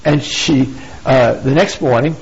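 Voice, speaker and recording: A man's voice: mid-range voice, measured pace, creaky, slightly rough. A man giving an informal moral talk. He retells an old story with rhetorical asides and emphatic repetition. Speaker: pro-life speaker. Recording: dull lo-fi recording.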